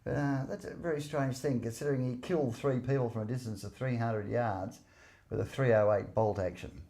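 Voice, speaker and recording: An older man, bluntly recalling a story with halting restarts. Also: fairly low pitch, warm tone. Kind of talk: casual recollection.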